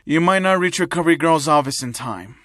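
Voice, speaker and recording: A man doing a dry deadpan hero teacher. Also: a little high, a little fast, no echo.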